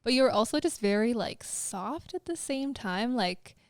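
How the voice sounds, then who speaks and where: Smooth-voiced woman host, rambling. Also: on the high side, animated, moderate pace, dry recording, clean studio sound. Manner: rambling, warm praise, many "like"s and restarts. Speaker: podcast co-host. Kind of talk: casual interview chat.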